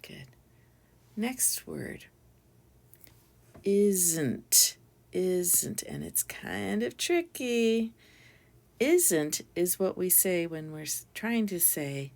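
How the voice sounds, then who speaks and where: A woman teacher leads a phonics lesson for small children, sounding out each letter and syllable with patience. She speaks slowly in a lowish, gravelly voice. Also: sing-song, darkish tone.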